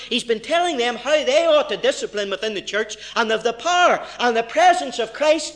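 Impassioned preacher with a lively, high voice. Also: male voice. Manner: impassioned, swinging from soft asides to fervent emphasis. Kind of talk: verse-by-verse sermon.

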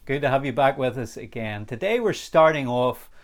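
A man's voice: animated, moderate pace. A man teaching a recorded Bible study sermon, talking earnestly and lifting his voice on the words he stresses. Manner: earnest, emphatic, rising in pitch on key words.

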